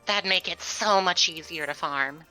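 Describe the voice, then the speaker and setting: Low-voiced woman w a bright sharp edge, confident gamer chat. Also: measured pace, soft background music, low-quality recording. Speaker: player in a raid group. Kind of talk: casual voice chat while gaming.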